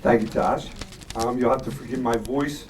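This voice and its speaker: Hoarse guy at the podium, voice shot, cracking jokes about himself, faint hall noise. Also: medium pitch, steady tone, moderate pace, far from the mic. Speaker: award presenter. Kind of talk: humorous banquet speech.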